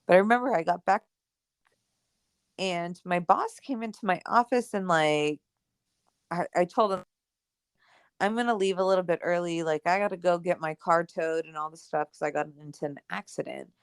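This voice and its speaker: In a dry, studio-quality recording, a young woman on a podcast she co-hosts tells a personal story at normal speed. Her lowish voice has a clean tone, and she's animated and chatty, full of "like" and "right?", voicing the people she quotes.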